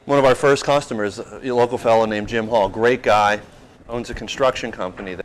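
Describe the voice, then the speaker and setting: Animated storytelling chef in his fifties. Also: lowish voice, a little fast, music in the background, rough recording. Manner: animated anecdotal, plays out quotes. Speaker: chef and restaurant owner. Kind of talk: casual storytelling interview.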